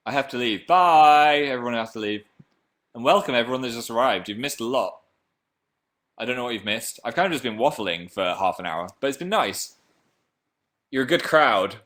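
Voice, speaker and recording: A man hosting a relaxed livestream, talking into a webcam mic in a somewhat low voice. He wanders from topic to topic and jokes around, with sudden bursts of excitement. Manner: rambling, jokey, with sudden excited jumps in pitch and volume. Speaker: livestream host reading viewer comments. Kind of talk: casual chat.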